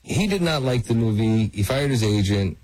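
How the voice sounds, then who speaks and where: A man guest on an interview, telling lively anecdotes and often laughing as he talks. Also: mid-range voice, normal speed, no echo, poor audio. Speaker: actor guest.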